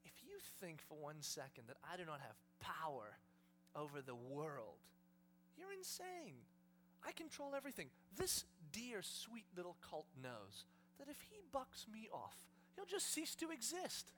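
A man playing Jesus in a sermon, speaking slowly and emphatically with confidence. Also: high-pitched, animated, pushed and bright, a little hiss or hum. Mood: calm. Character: Jesus speaking in a calm, all-knowing, reassuring male voice.

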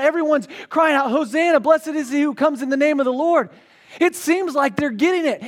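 High-voiced man preaching an animated sermon. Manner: animated storytelling, reads scripture slowly then paraphrases casually; energetic, voices the crowd and the Pharisees in his retelling. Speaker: pastor.

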